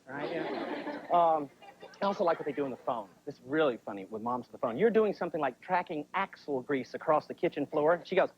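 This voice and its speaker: A man's voice: fairly high pitch, noisy background. A man doing a stand-up comedy routine, chatty and constantly checking in with the crowd. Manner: chatty, keeps asking the crowd "right?". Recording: dull 1980s TV sound.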